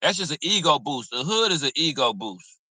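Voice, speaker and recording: A man's voice: a little high, big pitch swings, brisk, sharp tone, no echo, poor audio. A man giving blunt, preachy, streetwise commentary in a casual reaction video, cursing freely. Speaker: commentary host.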